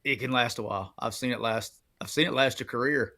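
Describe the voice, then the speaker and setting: A man's voice: mid-range voice, brisk, pushed and bright. A man who played the game, now an analyst on a postgame show, ranting in fiery, profane, coach-style commands. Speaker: former player turned analyst.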